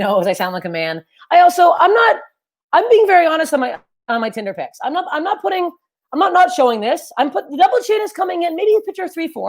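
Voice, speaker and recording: A young woman with a low, deep voice, performing a loud, energetic, self-deprecating stand-up set over a webcam. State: sweaty and overheated. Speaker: stand-up comedian. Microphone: webcam for a virtual show.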